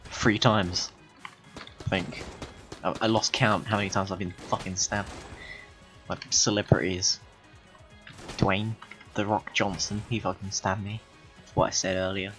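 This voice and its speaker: Deep-voiced man telling absurd tales. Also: measured pace, long pauses, soft background music. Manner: deadpan absurd storytelling with frequent swearing. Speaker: gaming video host. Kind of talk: rambling comedic gameplay commentary.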